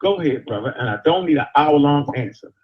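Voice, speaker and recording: A man's voice: a little high, expressive, fast talker, dull audio. A man in a heated live-chat argument, defensive and insistent, pressing his points with curses.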